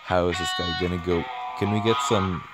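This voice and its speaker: A man hosting a parody reaction video, rambling with halting restarts and lots of ums, in a deadpan, clueless tone. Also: low voice, loud music behind the voice.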